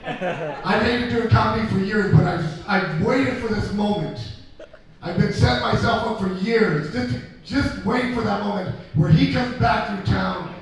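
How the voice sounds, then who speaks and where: A man's voice: high voice, measured pace. A man hosting a comedy show on stage, roasting the headliner in a mock-bitter way. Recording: echoey club with music.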